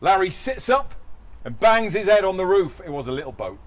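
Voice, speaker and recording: A man's voice: sits high, very animated, brisk. A man hosting a live podcast, reading a silly story aloud with a playful, laughing delivery. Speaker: podcast host.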